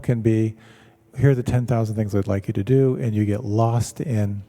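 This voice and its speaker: A man, a meditation teacher, giving a measured, reflective talk and telling stories to an audience in a large hall. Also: medium pitch, warm tone. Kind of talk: dharma talk.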